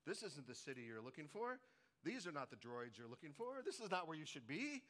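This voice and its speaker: A preacher voicing a calm, confident old male prophet in a sermon retelling. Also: fairly high pitch, fairly quick. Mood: calm, assured. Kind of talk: sermon storytelling.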